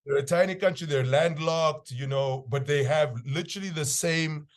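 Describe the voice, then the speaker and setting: A man's voice: on the high side, moderate pace. A man from Namibia, an easygoing podcast guest talking casually. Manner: easygoing, with frequent restarts. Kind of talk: casual interview.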